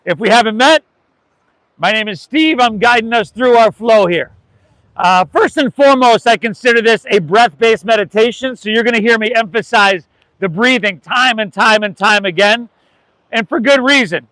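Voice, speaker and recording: Man, American accent, yoga instructor, relaxed, encouraging, high voice, dry close sound. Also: moderate pace, no room sound, poor audio. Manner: relaxed, encouraging, calls students "y'all". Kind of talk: live guided yoga class. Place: oceanfront outdoor yoga class.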